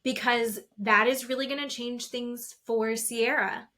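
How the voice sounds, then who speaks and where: A woman's voice: on the high side, fairly even intonation, a little slow, bright, forceful tone. A woman co-hosting a podcast, chatting casually and retelling reality TV scenes with lots of quoted asides. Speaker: podcast co-host. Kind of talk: casual chat. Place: office.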